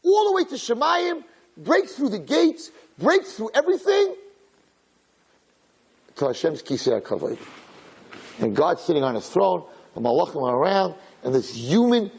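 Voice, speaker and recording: A male rabbi telling a story in a sermon, animated and acting out voices, with Hebrew and Yiddish terms mixed in. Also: sits high, moderate pace, creaky, long pauses, breathy edge, low-quality recording.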